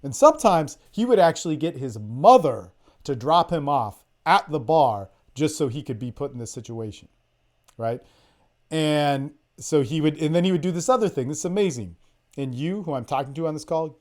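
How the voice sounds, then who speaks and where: A man hosting a podcast, telling stories in a casual, profane, animated way and quoting other people in quick bits as he goes. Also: a little high. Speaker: podcast host, dating coach. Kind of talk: casual storytelling on a group call.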